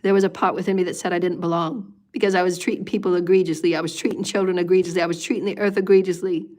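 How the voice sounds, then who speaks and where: A woman's voice: on the low side, little pitch movement, racing, a little mellow. A woman hosting a live meditation and giving an intense spiritual talk. She repeats phrases in a pleading way and sometimes drops to a whisper.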